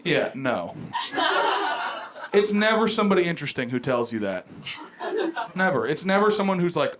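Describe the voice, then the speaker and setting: Brash, animated young stand-up comedian. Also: male voice, a little high, moderate pace, long pauses. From Ohio. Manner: brash, profane, animated storytelling. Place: comedy club stage with live audience. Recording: live club recording with audible crowd noise.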